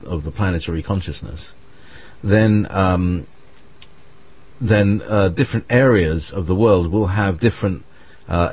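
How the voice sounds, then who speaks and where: A man's voice: sits low, a little mellow, slightly rough, dry recording. A British man talking in a rambling, hesitant way, with many restarts and fillers. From Britain. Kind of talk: casual conversation.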